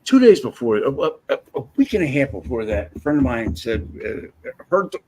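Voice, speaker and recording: A man hosting a livestream, telling a personal story in a blunt, profane, animated way. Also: medium pitch, normal speed, breathy edge. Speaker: livestream host. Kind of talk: casual storytelling chat.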